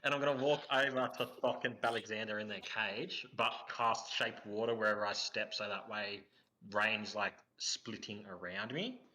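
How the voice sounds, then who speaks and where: A man's voice: fairly low pitch, fairly even intonation, moderate pace, sharp tone, poor audio. A man with an Australian accent playing a tabletop game, eagerly laying out his moves. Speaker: player. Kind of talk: casual tabletop play.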